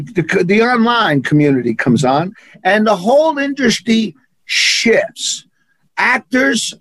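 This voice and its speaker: A man with a New York accent, an actor and martial arts instructor appearing as a guest, tells animated stories in an interview, hitting his points hard and repeating phrases for effect. His voice sits high with a fairly bright tone, and the recording has no room sound.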